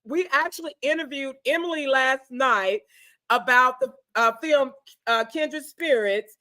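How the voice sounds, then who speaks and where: A woman's voice: sits high, unhurried, pushed and bright. A woman hosting a casual interview, chatty and effusive. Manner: chatty, effusive, says y'all. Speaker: talk show host.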